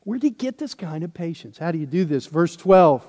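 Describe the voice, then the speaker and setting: A man's voice: on the high side, big pitch swings, a little fast, few pauses, warm tone. A man preaching a sermon, walking through a Bible passage with self-deprecating asides. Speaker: pastor. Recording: long hall reverb.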